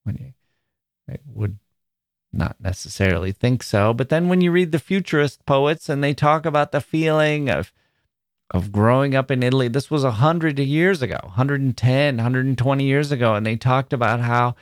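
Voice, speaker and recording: A man's voice: mid-range voice, moderate pace, dry recording, studio quality. A man from Wisconsin hosting a podcast, talking through a reflective spoken essay in a thoughtful, wry way, with small self-corrections. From Wisconsin, USA. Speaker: podcast host.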